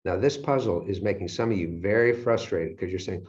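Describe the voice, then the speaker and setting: Brief: low-voiced male lecturer, animated storyteller, dull lo-fi recording. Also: fairly quick. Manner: animated storyteller acting out his own reactions. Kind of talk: motivational lecture. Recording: dull lo-fi sound.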